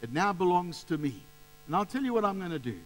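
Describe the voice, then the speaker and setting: A man playing a kindly building owner who speaks with slow, firm reassurance. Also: high voice, very animated, poor audio. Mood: reassuring.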